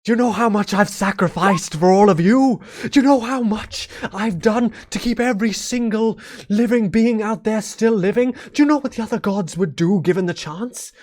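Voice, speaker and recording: A man's voice: high-pitched, moderate pace, hardly any pauses, a little mellow, voice pushed up. A man voicing a furious, desperate male god of magic who rants at those who betrayed him. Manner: ranting, pleading, then gasping.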